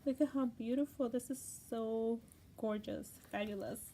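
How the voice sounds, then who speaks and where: A middle-aged woman hosting a craft channel, chatting casually and excitedly as she unboxes gifts. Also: a little high, a little slow, slight background noise, poor audio. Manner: gushing, excited, gasping exclamations. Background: paper crinkling.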